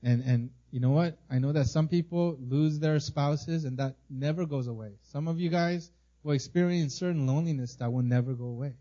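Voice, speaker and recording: A man's voice: on the high side, fairly quick, dark tone. Earnest, emotional man preaching, muffled audio. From Korea, raised in America. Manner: earnest, emotional testimony with frequent restarts. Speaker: pastor. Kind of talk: sermon.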